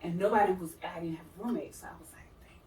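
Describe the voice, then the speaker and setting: Middle-aged woman, interview guest, animated storyteller who mimics others; distant mic, roomy sound. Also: quick pace. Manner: animated, acts out quoted voices with big pitch jumps. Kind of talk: personal storytelling. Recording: roomy, from far off the mic, faint noise.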